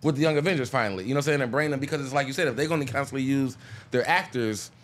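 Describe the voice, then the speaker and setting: A man's voice: mid-range voice, racing, a bit bright. A man co-hosting a podcast in casual chat, rambling and often checking in with "you know what I'm saying". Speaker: podcast co-host.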